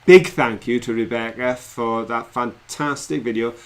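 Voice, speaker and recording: Chatty man hosting a relaxed stream. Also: mid-range voice, a little slow. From England. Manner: chatty, rambling, laughs often. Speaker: co-host of a live stream. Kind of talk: casual live-stream chat.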